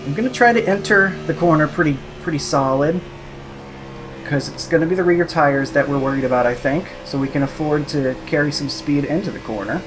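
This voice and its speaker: A man giving casual live commentary while sim racing from home, thinking aloud, a little out of breath, laughing softly at himself. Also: a little high, brisk, noisy background. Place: room at home.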